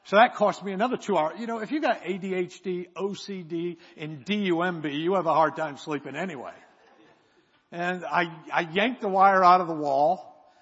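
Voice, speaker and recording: A man's voice: sits high, moderate pace, a bit bright, slightly rough. A man preaching, telling a rambling story with self-mocking humor. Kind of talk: sermon storytelling. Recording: echoey hall, dull sound.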